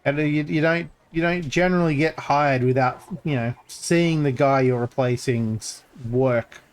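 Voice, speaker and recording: A man's voice: a little high, unhurried, clear, resonant tone. Guy streamer joking around over gameplay, sarcastic asides, casual chatty voice.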